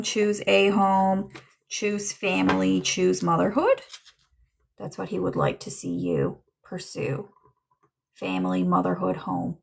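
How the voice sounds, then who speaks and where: A woman doing a casual livestream tarot reading, chatting to viewers and dropping into soft muttered asides. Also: medium pitch, creaky. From Newfoundland, Canada. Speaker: tarot reader and medium.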